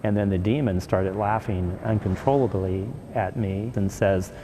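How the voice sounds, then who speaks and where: A man, a priest, telling an eerie personal story in an animated, interview manner. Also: lowish voice, normal speed, hardly any pauses, a little hiss or hum.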